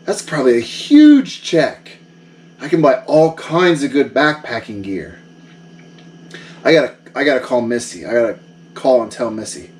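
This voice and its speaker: A man's voice: mid-range voice, sing-song, moderate pace, a little mellow, far from the mic, slight background noise. A man who runs a vlog, bragging and bossing people around in a jokey one-sided phone call. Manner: boastful, mock-bossy, joking. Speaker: vlogger.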